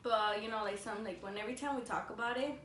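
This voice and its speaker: A young woman with a fairly high voice telling a spooky tale in a loose, rambling way, with plenty of "like" fillers and mid-sentence language switches. She sits a little away from the mic in an echoey room with a faint hiss. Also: fast, a bit bright, recorded from a distance. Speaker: vlogger co-host. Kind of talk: casual storytelling over a meal.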